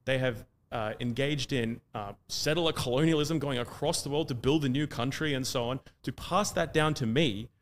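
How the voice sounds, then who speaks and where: A man's voice: medium pitch, normal speed, hardly any pauses, a little hiss or hum. A man from Australia with an Australian accent, arguing in a debate in long run-on sentences with frequent fillers. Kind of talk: argumentative debate monologue.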